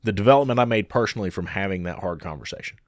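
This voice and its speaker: A man's voice: low voice, rapid-fire, no echo, clean studio sound. A man co-hosting a podcast, animatedly telling stories and acting out the people he quotes. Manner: animated storyteller who acts out quoted people. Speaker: podcast co-host. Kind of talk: casual podcast chat.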